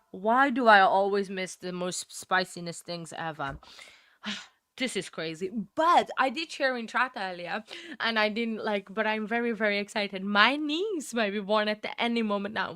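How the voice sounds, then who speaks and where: A woman's voice: medium pitch, a bit bright, smooth, no echo, studio quality. A woman hosting a livestream, chatting casually with viewers, emotional and laughing often. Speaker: livestream host. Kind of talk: casual chat with live chat.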